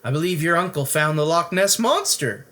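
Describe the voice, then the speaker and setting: A storybook reader voicing an excited, helpful female librarian. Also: medium pitch, moderate pace, voice pushed up, close to an everyday voice. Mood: eager. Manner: excited, exclaiming.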